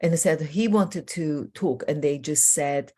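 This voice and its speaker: A middle-aged woman coach with a low voice tells animated stories and shifts her pitch up and down to act out the people in them. She sounds like a guest in a casual interview. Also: unhurried, breathy edge. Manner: lively storyteller, acts out quotes with jumps in pitch. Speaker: life coach. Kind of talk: animated storytelling in a podcast interview.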